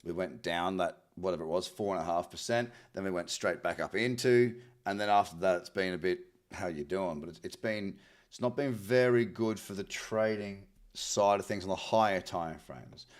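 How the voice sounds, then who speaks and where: A man's voice: sits low, moderate pace. An Australian man hosting a live trading stream, chatting in an upbeat way, often repeating words and answering viewers. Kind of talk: live chart scan with chat replies.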